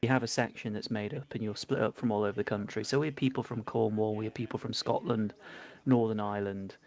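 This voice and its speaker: A man's voice: fairly low pitch, fairly even intonation, fast talker, darkish tone. An Englishman chatting casually with friends while they play, rambling and teasing. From England. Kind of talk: casual chat over a co-op game.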